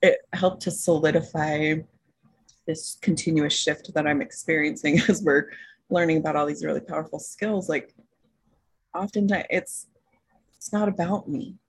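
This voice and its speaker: A woman's voice: deep voice, fairly even intonation, moderate pace, husky, poor audio. A woman coaching student sharing a story from a session on a group call, thoughtful and casual. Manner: thoughtful storytelling, laughs softly.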